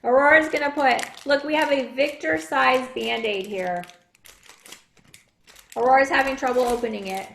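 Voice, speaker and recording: A woman's voice: high voice, normal speed, vocal fry, fairly bright tone, a little hiss or hum. A woman pastor giving a children's message, asking the children friendly questions. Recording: echoey room.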